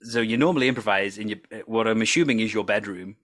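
A Welsh man hosting an improv podcast interview, relaxed and playful with easy filler ums. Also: fairly low pitch, fast. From Wales. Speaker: podcast host. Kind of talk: casual interview chat.

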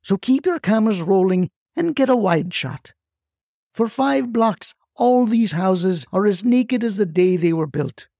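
A man's voice: animated, measured pace, vocal fry, dark tone, no room sound, studio quality, full character voice. A man voicing a feisty, impatient retired grandmother who scolds and rants indignantly. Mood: ranting. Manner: indignant, scolding, high-pitched outbursts.

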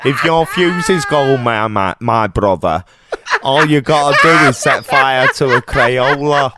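A man's voice: medium pitch, a little slow, heavy background noise, close to an everyday voice. A man doing a mocking impression of his co-host as a brash, streetwise bloke who repeats himself. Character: mock impression of his northern co-host, swaggering.

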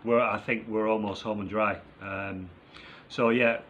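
A man's voice: on the low side, fairly even intonation, a little slow, a bit bright, highs cut off, a little hiss or hum. A man co-hosting a casual football chat, reviewing a match in an upbeat, chatty way with plenty of fillers. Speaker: football podcast co-host.

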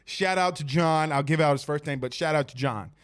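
A man's voice: a little high, brisk, clear, resonant tone. A man hosting a sports podcast, talking casually and with animation, joking and addressing his listeners directly. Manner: animated, jokey, talks straight to listeners.

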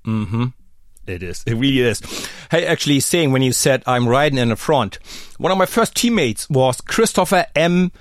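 A man and former pro cyclist chatting casually on a podcast, telling stories with animated flair and acting out the people he quotes. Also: mid-range voice, moderate pace, dry recording, studio quality. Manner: animated storyteller, acts out quoted speech. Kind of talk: casual podcast chat, storytelling.

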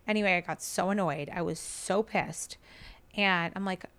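A woman podcast host casually telling a family story, chatty and animated, acting out quoted dialogue. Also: fairly low pitch, moderate pace.

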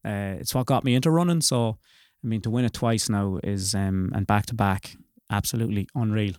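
A man's voice: on the low side, brisk, darkish tone, no echo, studio quality. An Irish man being interviewed on a podcast about winning a race, easygoing and modest, with frequent ums. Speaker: podcast guest, race winner. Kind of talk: casual interview.

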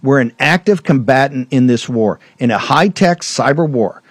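A man's voice: mid-range voice, animated, moderate pace, no echo. A man hosting a political talk show, ranting emphatically and combatively, rambling with restarts. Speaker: show host.

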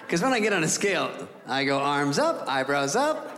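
A man's voice: high voice, big pitch swings, sharp tone. Sarcastic middle-aged man doing stand-up. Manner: sarcastic, self-mocking storytelling with quick voices for others. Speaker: stand-up comedian. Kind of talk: stand-up comedy routine. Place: large theater stage before a laughing audience. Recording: live hall with crowd noise.

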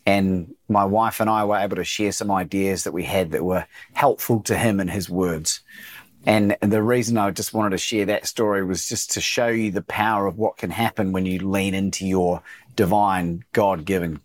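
An Australian man, a coach, telling a personal story as a guest in a podcast interview and acting out the lines of others. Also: deep voice. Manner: animated storyteller, acts out quoted dialogue.

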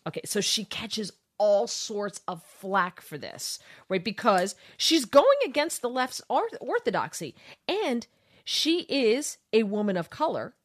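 A woman hosts a political talk radio show. She recaps the news in a sarcastic, opinionated way. Her voice sits at an ordinary pitch for a woman. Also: very animated, a little slow.

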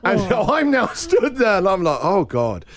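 A middle-aged English man hosts morning radio, his pitch leaping up and down as he works through a cringe-worthy tale. His voice sits a little high for a man, and he laughs through his own story. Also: wildly swooping pitch, normal speed, a bit bright. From England. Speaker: radio show host. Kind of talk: breakfast radio chat.

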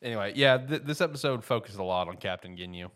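A man casually recapping an anime episode, rambling with lots of fillers and getting animated as he retells scenes. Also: on the low side, fast.

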